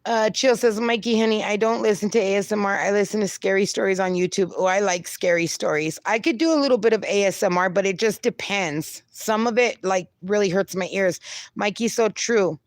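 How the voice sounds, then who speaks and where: Speaking fairly quickly at medium pitch, in a dry recording, a woman hosts a laid-back livestream. She reads chat messages aloud, teasing the viewers and laughing a lot.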